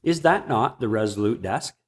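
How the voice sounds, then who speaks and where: A Canadian man hosting a relaxed interview, his voice rising and falling as he chats. He tells little stories and jumps in with quick reactions. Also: fairly low pitch. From Ontario, Canada. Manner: chatty storyteller with quick reactions. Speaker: podcast host. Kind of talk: casual interview chat.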